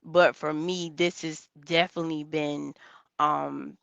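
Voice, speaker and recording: A woman's voice: deep voice, flat delivery, a little slow, creaky, fairly bright tone, no room sound. A woman calling in to a talk stream, earnest and rambling, restarting her sentences often. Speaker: caller. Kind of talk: casual call-in chat.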